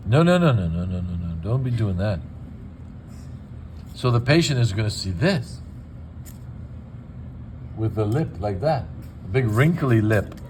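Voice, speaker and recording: A man's voice: medium pitch, a little hiss or hum. A man demonstrating dental lab work in a casual teaching style, with joking asides. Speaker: dental technician. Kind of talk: hands-on demonstration. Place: dental laboratory.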